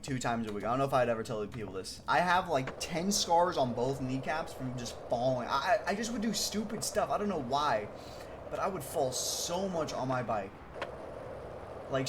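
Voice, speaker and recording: A man's voice: mid-range voice, background noise. A young man in casual live-stream storytelling, rambling and full of "like" fillers as he tells childhood stories to chat. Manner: rambling, filler-heavy, uses "like" constantly.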